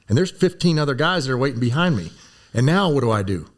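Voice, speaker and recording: An older man in his sixties, a former Army medic, telling animated stories in a relaxed conversation and acting out other people's voices. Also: mid-range voice, fast. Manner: animated storyteller, acts out voices. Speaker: guest, former Green Beret physician. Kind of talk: storytelling in a conversation.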